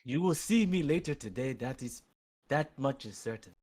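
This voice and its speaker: A man's voice: mid-range voice, lively intonation, moderate pace, a little mellow, natural voice. A man voicing a courteous male traveler with a stiff, formal manner and a put-on accent.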